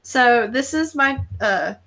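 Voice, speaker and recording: A young woman hosting a live stream, telling stories in an excitable, swearing, animated way. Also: a little high, slow pace. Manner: excitable, swearing, animated storytelling with acted-out quotes. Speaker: host. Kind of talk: casual live-stream chat.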